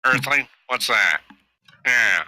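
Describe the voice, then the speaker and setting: A man's voice: medium pitch, expressive, takes it slowly, bright, forceful tone. A man playing in an online tabletop game, joking casually and drawling his quips. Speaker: player.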